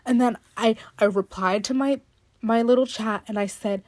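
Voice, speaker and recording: A woman's voice: fairly high pitch, moderate pace, a little mellow, no echo. A young woman hosting a podcast, telling stories in a rambling, dramatic way and laughing often. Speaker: podcast host. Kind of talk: casual podcast monologue.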